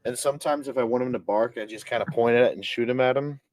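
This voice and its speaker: A man's voice: mid-range voice, fast talker, darkish tone. A man co-hosting a podcast at home, chatting playfully and coaxing his dog toward the mic. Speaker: podcast co-host. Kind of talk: casual chat. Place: home, on a couch.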